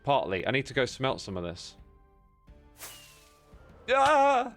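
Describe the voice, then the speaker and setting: Hoarse man chatting on a livestream. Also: on the low side, fairly quick, a bit bright, soft background music. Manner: chatty, rambling, greets chat by name. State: hoarse from festival screaming. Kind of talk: casual livestream chat while gaming.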